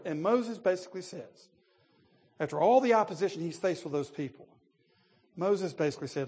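A man preaching a sermon, animated and emphatic, who builds to loud peaks and chuckles between points while talking straight to his listeners. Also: high voice, normal speed, pauses often, slightly rough, big-room sound. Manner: laughs between points, addresses listeners directly.

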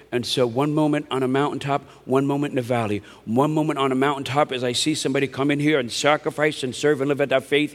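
High-voiced man preaching in a reverberant hall. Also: bright, forceful tone. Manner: emphatic, repetitive, conversational preaching with "right?" asides. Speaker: pastor. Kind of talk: sermon. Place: church hall.

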